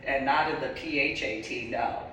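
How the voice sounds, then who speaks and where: A woman in her forties from New Jersey telling a story casually, animated and laughing often, in an echoey room far from the mic. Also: a bass voice, moderate pace, slight background noise. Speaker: vlogger.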